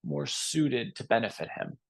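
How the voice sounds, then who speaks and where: A man teaching a yoga class, telling a story in a calm, unhurried way between posture cues. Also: medium pitch, gravelly, husky.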